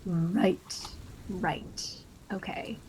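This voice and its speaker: A woman playing a tabletop game, answering in short, often quiet replies. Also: on the low side, level tone, very slow, breathy edge. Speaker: player.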